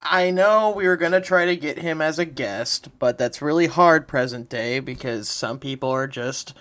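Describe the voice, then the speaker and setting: A man's voice: a little high, moderate pace, a bit bright. A man co-hosting a podcast, chatting casually and offhandedly about a story. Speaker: podcast co-host. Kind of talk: casual chat.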